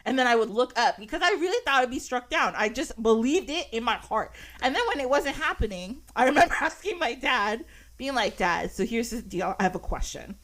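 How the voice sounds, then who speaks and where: A woman's voice: sits high, brisk. A young woman hosting a podcast, telling stories in casual chat, laughing often and acting out voices in her quotes. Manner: giggly, storytelling, animated quoted voices. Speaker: podcast host.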